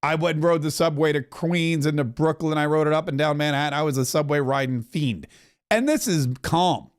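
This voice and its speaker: Male podcast host, bright high pitch, loose comic commentary with rambling asides. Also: brisk, clear, resonant tone. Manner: joking, rambling, chuckling asides.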